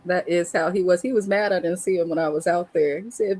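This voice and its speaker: A woman's voice: on the low side, fairly quick, a little mellow, poor audio. A woman hosting a casual live review chat, talking in a chatty way and laughing often. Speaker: host.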